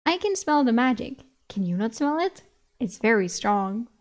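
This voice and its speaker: A woman's voice: fairly high pitch, big pitch swings, normal speed. A woman voicing an earnest, literal-minded male dog in a novel she reads aloud, speaking bluntly and matter-of-factly. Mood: puzzled. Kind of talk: reading a novel aloud with voices.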